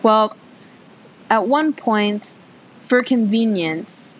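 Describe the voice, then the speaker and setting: A woman's voice: expressive, drawn-out words, muffled recording. A young woman hosting a podcast, telling a story in a rambling, chatty way with many fillers and self-mocking asides. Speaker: podcast host. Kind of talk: casual storytelling monologue. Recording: faint background noise with low rumble.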